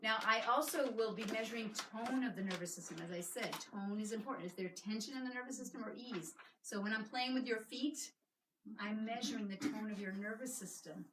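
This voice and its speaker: A high-voiced woman leads a live clinic workshop, upbeat and coaxing, always checking in with the audience. The sound is roomy and echoey. The mic sits some distance away, with faint noise underneath. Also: a little fast. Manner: energetic, coaxing, keeps asking "right?". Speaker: chiropractor giving a patient workshop. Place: clinic room with a small audience.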